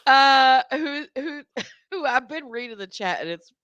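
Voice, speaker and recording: A woman co-hosting a casual live stream from home, speaking slowly with frequent giggles and agreeing murmurs. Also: sits high, expressive, a bit bright, no room sound, highs cut off. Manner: slow-spoken, giggly, lots of agreeing murmurs.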